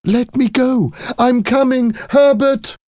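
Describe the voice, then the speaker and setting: A man reading a storybook aloud, voicing a frantic, grieving elderly mother who pleads and insists in a shrill voice. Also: unhurried, dark tone, no echo, clean studio sound, lightly acted.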